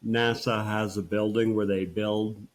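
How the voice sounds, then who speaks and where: An older man in a relaxed podcast chat with a lowish voice. He speaks slowly and mostly drops in brief replies. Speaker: podcast co-host. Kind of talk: casual chat.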